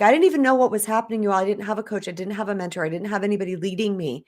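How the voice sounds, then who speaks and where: A middle-aged woman coach talking live to her viewers and reading their chat, emotional and animated, speaking straight to the audience. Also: medium pitch, fast talker. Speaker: spiritual empowerment coach.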